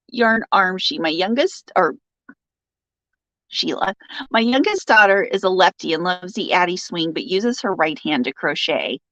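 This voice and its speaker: A woman's voice: mid-range voice, a bit bright, dry recording, poor audio. A woman hosting a casual live stream, reading out viewer comments, joking and laughing often and turning sympathetic when someone shares bad news. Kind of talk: casual chat.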